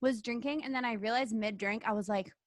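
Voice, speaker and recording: A woman's voice: a little high, fairly quick, no room sound, clean studio sound. A woman co-hosting a wrestling podcast, rambling casually and laughing often. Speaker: podcast co-host. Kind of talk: casual chat.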